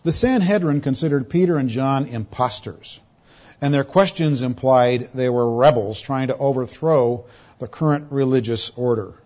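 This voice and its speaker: Emphatic preacher man, dull lo-fi recording. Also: normal speed. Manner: emphatic, rising to loud pointed quotes then dropping to hushed lows. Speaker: pastor. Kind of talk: expository sermon.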